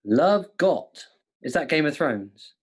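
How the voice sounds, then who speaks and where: A man's voice: on the high side, sing-song, slow, breathy edge. A man hosting an online quiz night, joking and laughing often in casual banter. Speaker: quiz host, comedian.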